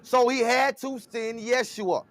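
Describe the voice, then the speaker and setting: A man co-hosting a casual talk show, retelling scripture scenes in an animated, storytelling way. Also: very high-pitched, takes it slowly. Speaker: co-host.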